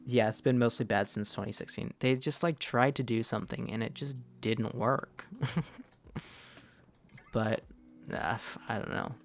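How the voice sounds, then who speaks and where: A man's voice: mid-range voice, unhurried, gravelly, pauses often, soft background music. A man streaming a game, chatting casually in a rambling way, restarting and correcting himself as he answers chat. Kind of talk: casual gaming livestream chat.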